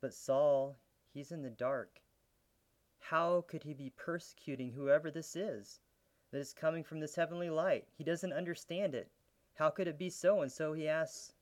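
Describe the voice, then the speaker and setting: A man preaching a sermon as a pastor, teaching in an earnest way with soft laughs and growing intensity. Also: on the high side, moderate pace.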